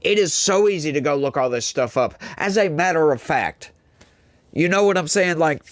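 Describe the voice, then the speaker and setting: A man's voice: fairly high pitch, animated, normal speed, dry recording. A man, hosting solo political commentary, reading news aloud and reacting with exasperated, incredulous outbursts. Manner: exasperated, incredulous, repeats his points.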